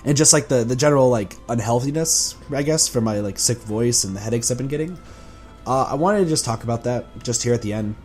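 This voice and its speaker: Gaming YouTuber, male, hoarse sore throat, casual rambling update, faint music underneath. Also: medium pitch, brisk, darkish tone. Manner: rambling, self-correcting, chuckling. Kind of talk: casual channel update vlog.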